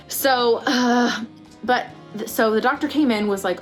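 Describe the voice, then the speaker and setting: A pregnant young woman vlogging, telling a story casually and acting out quotes with big jumps in pitch. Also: moderate pace, soft background music.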